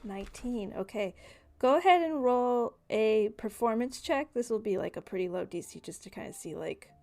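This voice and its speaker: A woman's voice: on the high side, animated, moderate pace, a little mellow. A woman narrating a tabletop game as game master, speaking casually with lots of fillers.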